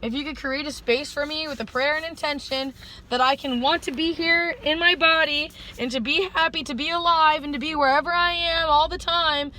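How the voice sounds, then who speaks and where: A woman's voice: sits high, bright, forceful tone, low-quality recording. A woman vlogger talking straight to camera in an earnest, pleading, stream-of-consciousness monologue about spirit and feelings. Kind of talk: rambling spiritual vlog monologue.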